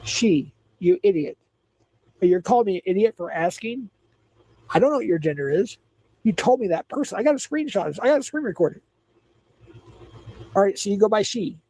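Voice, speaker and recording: A man in his forties with a notably high-pitched voice runs a livestream and talks back to his chat. He is blunt and scolding, and he keeps repeating himself as he tells viewers to calm down. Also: a little fast, long pauses, low-quality recording. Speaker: livestream host.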